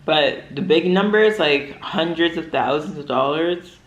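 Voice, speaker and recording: A woman's voice: low-pitched, measured pace, lo-fi sound. Rambling young woman vlogger, echoey room. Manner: rambling, chatty, many fillers. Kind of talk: casual chat while eating. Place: at home.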